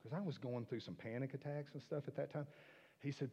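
A man preaching a sermon, swinging from soft hushed asides to loud emphatic declarations. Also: mid-range voice, steady tone, a little fast, breathy edge, big-room sound, dull audio. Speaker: pastor.

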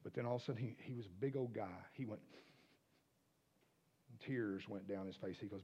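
A man preaching a sermon, swinging from soft hushed asides to loud emphatic declarations. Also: fairly low pitch, normal speed, pauses often, in a large hall, slight background noise. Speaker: pastor.

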